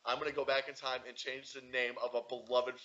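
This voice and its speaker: Male co-host, rapid rambling delivery, salty language, muffled lo-fi recording. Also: mid-range voice, little pitch movement, bright, forceful tone. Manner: rambling, swears often. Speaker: podcast co-host. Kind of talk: casual chat.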